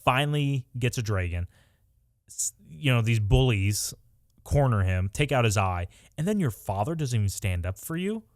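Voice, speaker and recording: A young man co-hosting a podcast, talking in an animated, exasperated way in casual chat. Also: mid-range voice, moderate pace, no room sound, studio quality. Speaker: podcast co-host.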